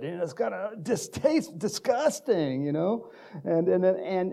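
A man's voice: high voice, big pitch swings, measured pace, gravelly. A middle-aged male pastor from Texas giving a casual, rambling sermon full of stories and laughter.

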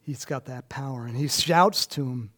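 A man's voice: medium pitch, moderate pace, fairly bright tone. A man preaching a conversational sermon in a church, chatty and self-deprecating, laughing often. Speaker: pastor.

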